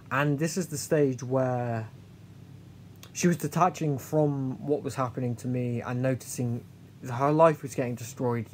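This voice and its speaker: Man, earnest confessional storytelling, halting and restarting, faint background hum. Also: mid-range voice. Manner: halting, with many restarts and trailing pauses. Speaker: vlogger. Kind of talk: candid personal storytelling.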